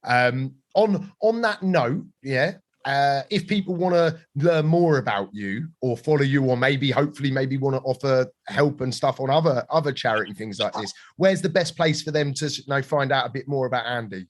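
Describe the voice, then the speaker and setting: A male podcast host who asks questions in a halting, encouraging way, with plenty of restarts. His voice sits at a middle pitch. It is a casual interview. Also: lively intonation.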